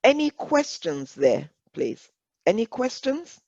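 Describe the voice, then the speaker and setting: A woman with an English accent presenting an online workshop, measured and deliberate, repeating phrases for emphasis. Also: on the high side, very animated, a little mellow, no echo, dull audio.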